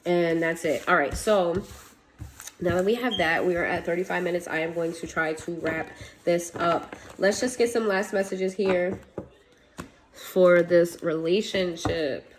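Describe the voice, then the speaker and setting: A woman's voice: fairly low pitch, a little slow, background noise. A woman giving a casual tarot reading to her viewers, blunt and swearing, laughing now and then. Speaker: tarot reader.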